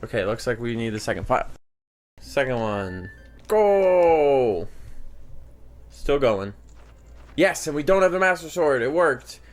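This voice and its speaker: A man's voice: medium pitch, animated, normal speed. A young man hosting a gaming video, talking over his play in a dry, rambling way with offhand jokes. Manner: dry, rambling, jokey asides. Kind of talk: deadpan gameplay commentary.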